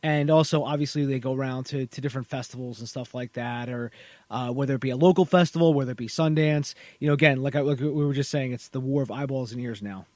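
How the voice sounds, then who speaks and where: A man's voice: mid-range voice, fast, a little mellow, no room sound. A man hosting a podcast interview, rambling casually with many restarts and "you know"s. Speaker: podcast host.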